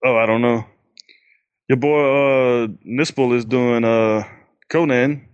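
A man's voice: medium pitch, steady tone, takes it slowly, clean tone, no room sound, dull audio. A young man in casual chat about films, blunt, stammering on restarts and swearing.

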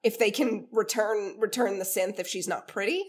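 A woman co-hosting a podcast in casual chat, animated and swearing freely as she wonders aloud. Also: medium pitch, moderate pace, slightly rough. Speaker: podcast co-host.

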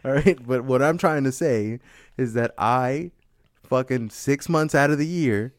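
A man in casual comedic banter, loud and combative, swearing freely and breaking into laughter. His voice sits at an ordinary middle pitch. The sound is dry and close. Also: measured pace, dry recording. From Mexico (heritage). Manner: loud, profane, laughing, argumentative. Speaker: podcast co-host.

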